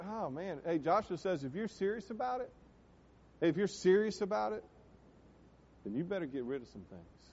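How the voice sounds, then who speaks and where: A middle-aged man preaching a sermon in a church, emphatic, swinging from loud exhortations to quiet asides. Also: fairly high pitch, sing-song, moderate pace, long pauses, husky. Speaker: pastor. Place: church sanctuary. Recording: dull, reverberant church hall recording.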